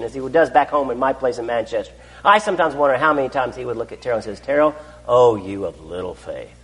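A man preaching a sermon, his pitch rising and falling widely as he asks his congregation one rhetorical question after another. His voice sits a little high for a man and moves between loud declarations and hushed asides. A long church reverb trails behind every phrase.

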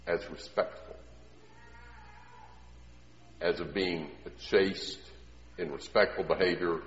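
Man preaching in an echoey hall. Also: deep voice. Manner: earnest, drops to quiet emphasis, acts out quoted voices. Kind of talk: sermon. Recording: echoey hall, dull lo-fi sound.

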